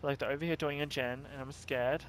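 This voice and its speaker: A man's voice: mid-range voice, steady tone, a little fast, slight background noise. A man commenting on his own gameplay, nervous and swearing, repeating himself and giving himself pep talks. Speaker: gaming streamer.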